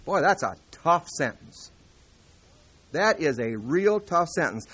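A man preaching a sermon, moving from quiet, confiding talk to loud, emphatic scripture reading. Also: fairly high pitch, very animated, slow pace, breathy edge.

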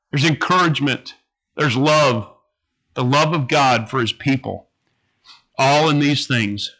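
Male pastor, slow, bright-toned earnest sermon delivery, halting phrasing. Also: medium pitch, rough recording.

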